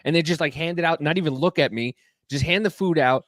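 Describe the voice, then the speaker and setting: A man's voice: fairly high pitch, fast, no room sound, clean studio sound. A man in his forties in a casual podcast chat, telling stories animatedly and acting out scenes. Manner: animated storyteller, acts out scenes.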